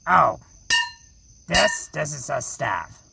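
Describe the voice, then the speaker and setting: A man's voice: a little high, big pitch swings, extremely slow, gravelly, far from the mic, heavy background noise, heavily acted. A man playing a stubborn, evasive gravedigger who hosts a horror show, in an improvised comedy audio play. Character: stubborn gruff male gravedigger horror host.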